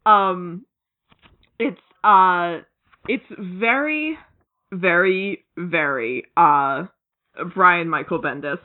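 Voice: medium pitch, animated, very slow, pauses often. A podcast co-host gushing about a comic in casual chat, rambling with lots of fillers and acting out characters' lines. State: giddy, laughing through words. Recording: tinny phone-like line.

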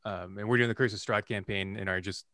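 Bright-voiced joking podcast guy. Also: fairly low pitch, fairly even intonation, quick pace, dry recording. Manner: joking, rambling with fillers. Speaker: podcast co-host. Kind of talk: casual chat.

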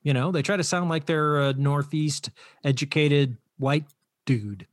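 A man's voice: on the high side, a little slow, no echo, clean studio sound. An American man in his fifties chatting casually and telling anecdotes, with frequent "you know". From United States.

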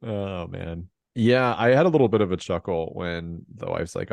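A man's voice: low-pitched, moderate pace, creaky, a little mellow, dry recording. A man co-hosting a podcast, talking about films in a rambling, casual way with lots of fillers and easy laughs. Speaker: podcast co-host. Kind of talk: casual film discussion.

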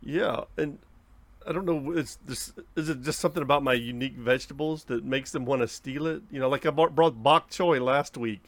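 A man's voice: medium pitch, fairly quick, fairly bright tone, no echo. A man in an improvised comedy scene, rambling in an aggrieved tone about a complaint.

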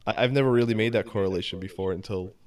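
A man's voice: on the low side, rapid-fire, darkish tone. A man hosting a casual chat, mostly giving short replies while his guest talks. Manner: brief listening replies.

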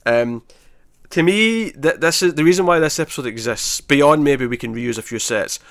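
Animated man in a casual chat. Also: fairly high pitch, moderate pace, vocal fry, dry recording, clean studio sound. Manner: animated retelling, full of restarts. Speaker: podcast co-host.

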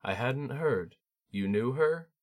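A man doing a flat, guarded young noblewoman. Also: medium pitch, slow pace, pitched above the performer's own voice. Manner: flat, guarded, quietly sarcastic. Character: reserved young noblewoman, homesick and dry.

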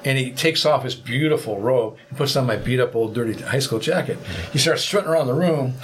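A man, a podcast guest, telling a travel story in a vivid, animated way. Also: mid-range voice, fairly quick. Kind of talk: storytelling anecdote.

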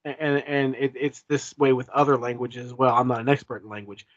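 A man's voice: mid-range voice, steady tone, brisk, dry recording. A man talks loosely on a podcast, circling back on himself with plenty of ums and restarts. The sound is a bit dull and lo-fi, and very dry, with no room around it. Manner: rambling, many fillers and restarts. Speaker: podcast co-host. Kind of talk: casual chat.

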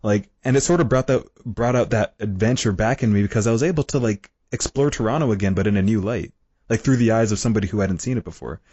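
A man's voice: lowish voice, quick pace, no echo. A man guesting on a podcast, chatting casually, hesitant and full of "like" fillers. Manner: animated, hesitant, many "like" fillers. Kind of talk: casual chat. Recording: dry dull lo-fi sound.

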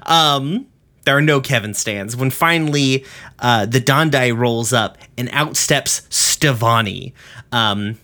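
A man hosting a podcast walks through an episode in a loose, rambling recap. He swears freely and leans on fillers between thoughts. His voice is bright and forceful at a middle pitch. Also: slow pace. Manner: rambling, profane, lots of fillers. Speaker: podcast host.

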